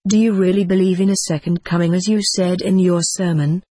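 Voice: mid-range voice, steady tone, a little fast, mellow, slightly rough, no echo, lightly acted. A reader as a rector's wife, wistful, earnest, dry.

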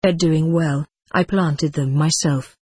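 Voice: mid-range voice, fairly even intonation, slow pace, darkish tone, slightly rough, no echo. A reader voicing a prim, formal country rector in a storybook. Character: fussy country rector, older man.

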